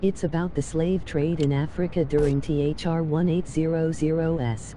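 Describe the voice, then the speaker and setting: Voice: mid-range voice, moderate pace, background noise. A synthetic voice reads chat messages aloud word for word, emoji names included. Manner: flat, literal reading that includes emoji names. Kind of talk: text-to-speech reading of chat messages.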